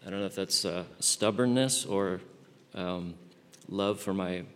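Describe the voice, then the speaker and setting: A man preaching a sermon in a conversational, animated way, with asides to his listeners. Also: deep voice, unhurried, in a large hall. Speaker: pastor.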